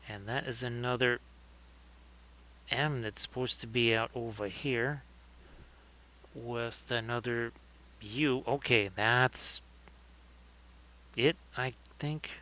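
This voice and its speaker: A man's voice: mid-range voice, steady tone, slow pace, long pauses, bright, forceful tone. A man hosting a livestream, chatting casually and joking as he talks through painting his miniatures. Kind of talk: casual live commentary.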